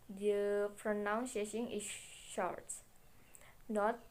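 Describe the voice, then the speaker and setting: Slow, careful young woman reading a lesson. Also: mid-range voice, fairly even intonation, poor audio. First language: Indonesian. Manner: slow, careful reading with repeated words and self-corrections. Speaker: student presenter. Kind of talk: reading a phonetics class presentation.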